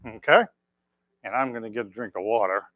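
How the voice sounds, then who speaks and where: A man teaching tai chi, calmly calling out each move and counting the steps for his class. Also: lowish voice, dry recording, highs cut off. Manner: calm, counting out moves slowly. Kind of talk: leading an exercise class. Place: exercise class room.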